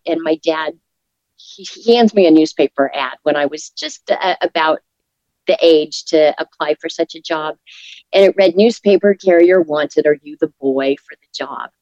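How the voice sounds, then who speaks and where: A middle-aged woman speaking as an interview guest, earnest and encouraging, with soft laughs as she talks. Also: fairly low pitch, dry recording, highs cut off. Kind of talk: casual interview talk.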